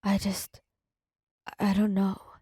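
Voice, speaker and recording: Girl voicing a hot-tempered young hero guy in an audio story, growly and clipped, slow breathy delivery, dry close sound. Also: high voice, completely flat delivery, mellow, no echo, heavily acted. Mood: remorseful. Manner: clipped, growling, then remorseful. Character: angry young male hero student under pressure. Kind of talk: audio story role-play.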